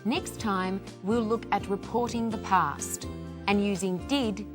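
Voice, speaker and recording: A woman teaching English phrases, clearly modelling each one for learners to repeat. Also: medium pitch, steady tone, takes it slowly, music in the background. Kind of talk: slow teaching with repeat-after-me drills.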